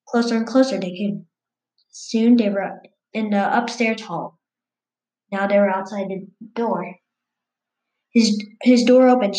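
A woman's voice: medium pitch, measured pace, long pauses, mellow, roomy sound, rough recording. Casual woman reading a scary story aloud. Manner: casual, stumbling read-aloud with restarts.

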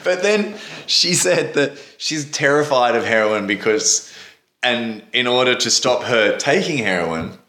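A man co-hosting a casual chat show, telling an animated story and laughing often. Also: mid-range voice, measured pace, roomy sound. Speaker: podcast co-host.

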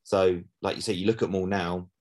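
Middle-aged ex-footballer guy, kinda low voice, rambles, keeps checking you follow. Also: fairly even intonation, fairly quick, darkish tone. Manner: rambling, repeats "do you know what I mean". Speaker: guest, former footballer. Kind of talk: casual interview chat.

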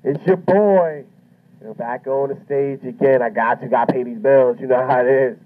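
A man's voice: medium pitch, moderate pace. A man doing a stand-up comedy routine, brash and swaggering, with heavy profanity. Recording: muffled lo-fi recording.

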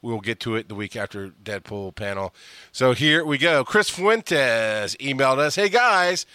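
Lively bright-voiced podcast host, a man. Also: mid-range voice, moderate pace, no echo. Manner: laughs often, self-deprecating. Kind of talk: casual podcast banter.

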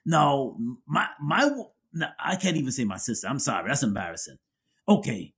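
Man, husky voice, lively swinging pitch, emphatic casual commentary, repeats phrases. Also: normal speed.

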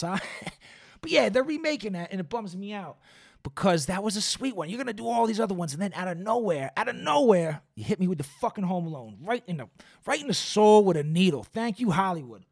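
A man's voice: sits high, vocal fry, fairly bright tone, no echo, studio quality. A man in his forties hosting a solo podcast, ranting in a profane, sarcastic, wry way. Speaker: podcast host.

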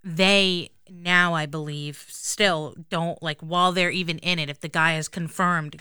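A woman's voice: fairly low pitch, steady tone, measured pace, few pauses, pushed and bright, clean tone, dry recording. A young adult woman co-hosting a podcast, chatting candidly and casually, swearing now and then. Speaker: podcast co-host. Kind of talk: casual chat.

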